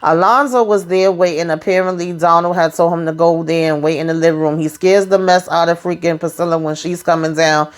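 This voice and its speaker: A woman's voice: fairly low pitch, fairly even intonation, a little fast, hardly any pauses. A woman giving a chatty, slangy recap of a TV episode, talking straight to her viewers. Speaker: TV recap vlogger.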